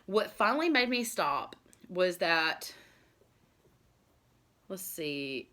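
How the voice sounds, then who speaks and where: A woman's voice: lowish voice, big pitch swings, slow pace, sharp tone. Casual woman vlogger, earnest confessional storytelling, loose and rambling, lots of fillers. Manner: rambling, filled with "like" and "you know". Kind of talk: candid personal storytelling to camera.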